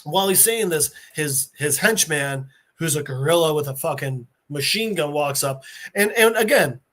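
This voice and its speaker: A man hosting a podcast, animated and laughing as he casually retells a comic issue, swearing freely. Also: a little high, moderate pace. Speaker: podcast host.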